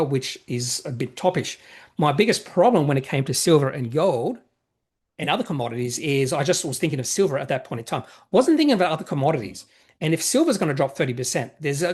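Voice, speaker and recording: Male host, casual market commentary, slightly high-pitched, rambling and self-correcting. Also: slightly rough. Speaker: investing channel host. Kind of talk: casual market commentary, reading viewer questions.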